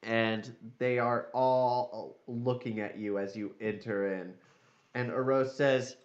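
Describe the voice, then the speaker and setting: A man's voice: mid-range voice, steady tone, slow pace, lo-fi sound. A man narrating a tabletop game as game master, in a casual way with frequent fillers.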